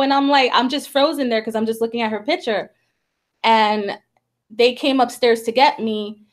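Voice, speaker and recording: On the high side and at a moderate pace, a talk show host who works as a psychic medium chats through a personal story. Her storytelling is casual and loaded with fillers, mostly "like" and "you know," and she acts out the quoted voices.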